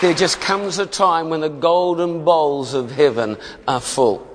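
A man preaches a testimony sermon. He tells it as an emphatic story in a voice on the higher side. A long reverb from a large hall hangs on every phrase. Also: unhurried, crowd noise, noisy background. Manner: storytelling, emphatic, often laughing.

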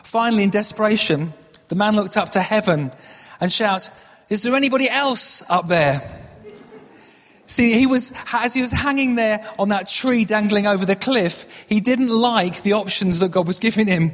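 A man with a notably high speaking voice delivers a sermon as pastor. He talks in an earnest, measured way and repeats key phrases for emphasis. His voice carries a long reverb, as in a church hall. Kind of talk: sermon with prayer.

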